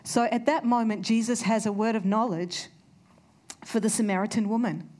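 A woman's voice: fairly high pitch, fairly even intonation, normal speed, a little mellow. Earnest woman preaching a sermon. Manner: earnest, storytelling with conversational asides.

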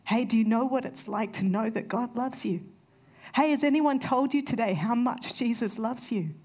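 A woman's voice: a little high, moderate pace, a little mellow. A woman preaching a sermon, earnest and conversational, telling personal stories. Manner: earnest, storytelling with conversational asides.

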